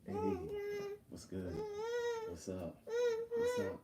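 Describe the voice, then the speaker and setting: A man's voice: very high voice, wildly swooping pitch, takes it slowly, background noise. A man dropping into his wife's live stream, playful and teasing as he greets the viewers. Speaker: host's husband dropping in.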